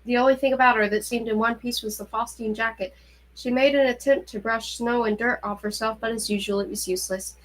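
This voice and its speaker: A woman reading a young-adult novel aloud with a steady, even narration. Her voice sits a little high for a woman, and she keeps an unhurried storytelling pace. The delivery is plain reading rather than performance. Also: low-quality recording. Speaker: reader. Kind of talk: audiobook-style novel reading.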